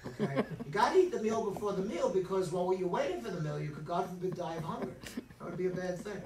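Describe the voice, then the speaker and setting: A man's voice: high-pitched, expressive, quick pace. A man telling a story at a Shabbat service in a humorous sermon, full of playful asides to the congregation. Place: synagogue sanctuary. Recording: echoey hall, voice from far off, faint noise.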